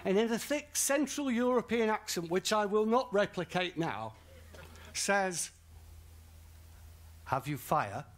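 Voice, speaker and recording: A man's voice: high voice, expressive, measured pace, slight background noise. A man from northern England with a Northern English accent, preaching a sermon at a festival and telling a comic story. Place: large festival tent or hall.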